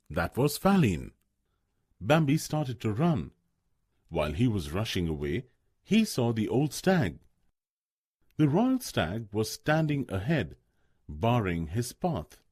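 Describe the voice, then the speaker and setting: A man reading a story aloud for listening practice, expressive and measured. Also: on the low side, husky, no echo, clean studio sound. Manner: expressive, slow. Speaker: narrator. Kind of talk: storybook narration.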